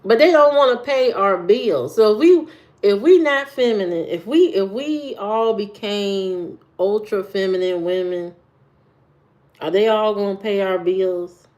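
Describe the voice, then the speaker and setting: A woman from Indiana answers viewers on her casual livestream, speaking slowly and drawing out her words in a medium-pitched, darkish voice with the highs cut off. She rambles, doubles back, and repeats phrases while figuring out what to say next.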